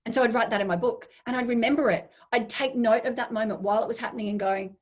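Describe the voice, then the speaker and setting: A woman's voice: on the high side, fast. A woman, a make-up artist from Australia, chatting as an interview guest and acting out inner voices as she tells stories. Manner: animated storyteller, acts out inner voices. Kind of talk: casual interview chat.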